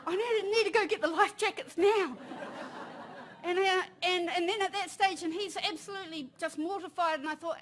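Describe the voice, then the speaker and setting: A woman with a New Zealand accent, in her thirties or forties, telling a personal story at a conference, lively and laughing, with Māori phrases mixed in. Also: extremely high pitch, moderate pace, pauses often, slight background noise. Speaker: panel speaker. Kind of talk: storytelling talk. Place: conference room.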